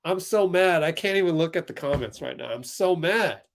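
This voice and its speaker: A man's voice: on the high side, animated, a little fast, creaky, a little hiss or hum. A young man hosting a live basketball watch-along stream, talking in a heated, exasperated way with frequent laughs and sighs. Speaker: livestream host.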